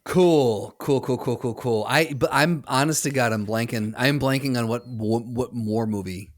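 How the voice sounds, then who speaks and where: A man's voice: mid-range voice, moderate pace. A man co-hosting a podcast in casual chat, rambling through joking guesses and repeating words while he thinks. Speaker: podcast co-host.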